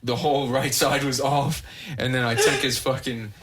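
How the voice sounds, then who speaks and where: A man's voice: medium pitch, flat delivery, normal speed, background noise. A man on a podcast telling a long prank story in casual, constantly swearing talk, often laughing through it. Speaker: podcast host. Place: podcast studio.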